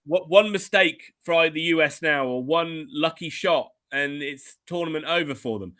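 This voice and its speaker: A British man works as a resident soccer analyst on a live stream. He talks bluntly and emphatically, stumbling over restarts. His voice sits a touch high and sounds bright and forceful. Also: normal speed. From Britain.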